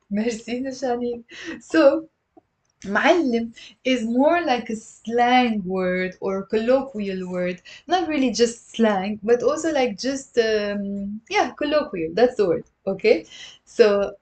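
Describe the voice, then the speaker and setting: A woman with a Lebanese accent teaching a live online Arabic lesson, patiently repeating words slowly and greeting viewers by name. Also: a little high, a little mellow. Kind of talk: live-stream language lesson.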